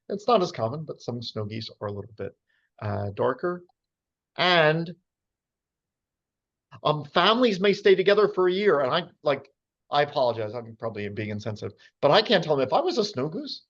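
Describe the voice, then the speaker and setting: Man, chatty birding lecturer, muffled lo-fi audio. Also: mid-range voice. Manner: chatty, many fillers and asides. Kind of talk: casual slide talk on birds. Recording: dull lo-fi sound.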